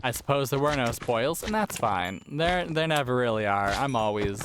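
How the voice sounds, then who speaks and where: A man's voice: medium pitch, expressive, normal speed, noisy background. A man hosting a casual let's play, rambling and self-deprecating as he plays. He is losing his voice. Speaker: gaming channel host. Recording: game music playing under voice. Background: game music.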